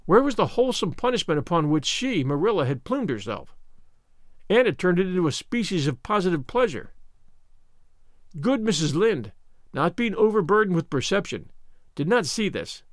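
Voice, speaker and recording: Man, audiobook narrator, expressive, lively pitch, dry close mic. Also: normal speed, dry recording. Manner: expressive, storytelling. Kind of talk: audiobook reading.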